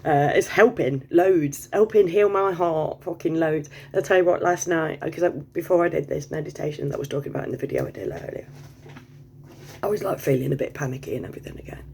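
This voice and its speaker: Gravelly woman rambling on camera. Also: sits low, animated, brisk, a little mellow, slight background noise. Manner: chatty, swears freely, digresses, laughs often. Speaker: vlogger. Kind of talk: casual rambling monologue.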